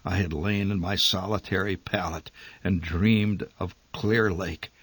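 Husky low-voiced male storyteller. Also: steady tone, measured pace, fairly bright tone, no room sound. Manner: wry, nostalgic storytelling. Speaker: narrator. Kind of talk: audiobook story narration.

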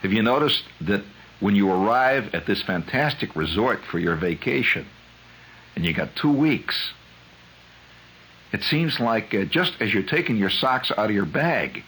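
A man hosting a radio show, spinning a rambling, chuckling monologue that climbs high when he gets worked up. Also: unhurried, breathy edge, low-quality recording. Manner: digressive storyteller, chuckles often, voice climbs high when excited. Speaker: radio host.

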